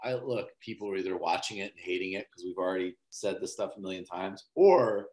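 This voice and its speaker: Animated teasing male podcast host. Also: deep voice, brisk. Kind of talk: casual chat.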